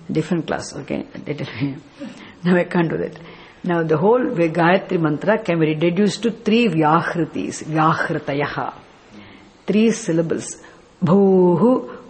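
A man teaching a scripture class, explaining step by step with rhetorical questions and chanting verses. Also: a little high. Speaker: spiritual teacher.

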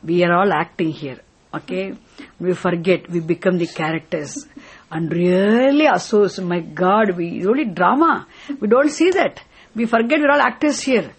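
A woman's voice: on the low side, lively intonation, normal speed, husky. Woman spiritual teacher, asks q's then answers them, lecture feel.

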